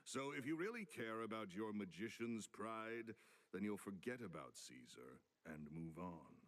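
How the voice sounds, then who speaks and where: An actor playing a gruff, hard-nosed businessman in a game cutscene, with a deep booming voice and a curt, threatening way of talking. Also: lively intonation, measured pace. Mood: menacing.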